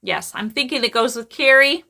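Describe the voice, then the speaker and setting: A woman with a high, bright voice chats through live psychic readings for her viewers. She talks in an animated, casual way, tossing quick asides to the chat and laughing easily. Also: creaky.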